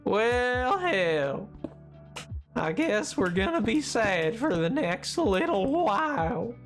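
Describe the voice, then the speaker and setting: Man doing a sad old cowboy prospector, slow mournful drawl, faint music behind. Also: high-pitched, very animated, heavily acted.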